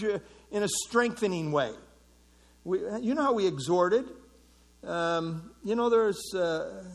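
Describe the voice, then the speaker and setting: A middle-aged man teaching a Bible passage in a relaxed, conversational way, with many fillers and restarts. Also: high voice. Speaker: pastor teaching a Bible study.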